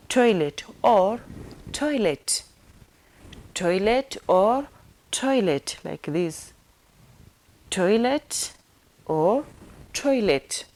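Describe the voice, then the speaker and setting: Slow, deliberate woman teaching sign words. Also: medium pitch, poor audio. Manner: slow, repetitive, spelling out words letter by letter; warm, affectionate sign-off to viewers. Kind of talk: sign language lesson.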